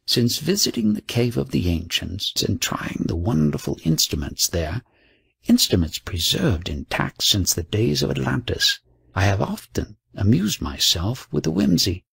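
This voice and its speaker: A man narrating an audiobook in a measured, storytelling way. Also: on the low side, gravelly, breathy edge, no echo, studio quality. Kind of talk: audiobook reading.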